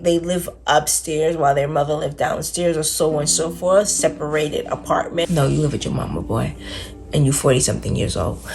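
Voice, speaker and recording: A woman's voice: on the low side, slight background noise. A woman vlogger telling her own story to camera in a casual, blunt, emphatic way, with lots of "like" fillers and slang. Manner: emphatic, candid, frequent "like" fillers. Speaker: self-development vlogger.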